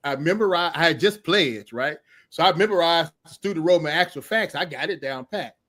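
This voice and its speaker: Animated man telling a story, laughing. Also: fairly high pitch, brisk. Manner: lively, laughs often, acts out voices in his story. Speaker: podcast guest telling his testimony.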